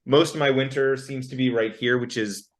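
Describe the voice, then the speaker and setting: Male actor guest from Canada, easygoing and self-deprecating, mid-pitched, remote call. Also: steady tone, normal speed. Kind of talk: casual chat.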